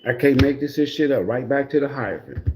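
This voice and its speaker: A man's voice: mid-range voice, a little fast, background noise. A man giving a casual livestream tarot reading in a blunt, profane, mocking way. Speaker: tarot reader.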